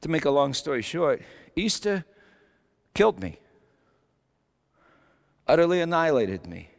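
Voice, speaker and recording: Male preacher as Paul, repentant and fiery, stammering restarts, murmurs rising to shouts, high voice, long church reverb. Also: sing-song, unhurried, vocal fry, heavily acted. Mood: reflective. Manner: swings from low murmurs to shouted peaks; stammering restarts and repeated words. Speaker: church speaker in character. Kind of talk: dramatic first-person sermon monologue.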